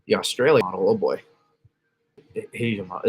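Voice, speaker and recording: Slightly rough and lowish, this man's steady voice moves briskly. As host of a casual weather livestream, he talks his way through model maps, frequently correcting himself and answering chat.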